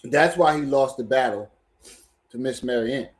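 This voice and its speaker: A man's voice: medium pitch, normal speed. A man hosting a livestream who gives casual commentary and repeats himself in loose, chatty sentences. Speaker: livestream host.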